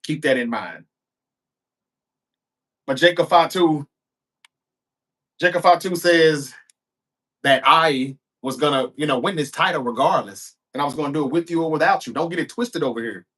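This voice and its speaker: A man recaps a wrestling show in an easy, conversational way, with a voice that sits a little higher than most men's. He slips into the wrestlers' lines as he retells each scene. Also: normal speed, long pauses, a bit bright, breathy edge. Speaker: show host.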